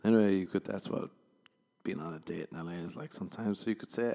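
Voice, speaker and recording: A man's voice: sits low, fast, vocal fry, mellow. A man hosting a podcast, rambling through a comedic monologue full of swearing and self-mocking jokes. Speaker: podcast host.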